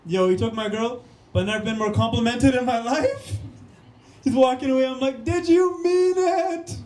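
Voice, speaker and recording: A young Canadian man with a very high, darkish voice delivers a punchy stand-up set on a club stage at a normal, steady pace. He speaks straight to the crowd and keeps calling them "guys" and "man." The room sounds echoey.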